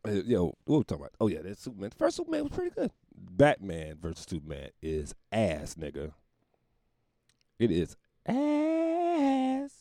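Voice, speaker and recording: A man's voice: deep voice, wildly swooping pitch, fast, hardly any pauses, warm tone, no echo, clean studio sound. A man going on a rambling, profane comedic rant, often laughing at his own jokes.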